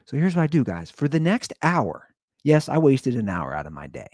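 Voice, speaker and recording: Man, podcast host, profane comic rant, animated swings, dry room. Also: normal speed, no echo. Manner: animated, profane, swings between loud outbursts and low asides. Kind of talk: ranting comedic storytelling.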